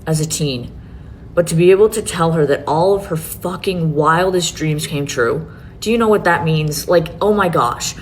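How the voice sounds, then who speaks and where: A woman with a low-pitched voice speaks as the founder of her own beauty brand. She talks earnestly and swears freely, and a faint rumble sits under her voice. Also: moderate pace. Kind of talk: emotional announcement video.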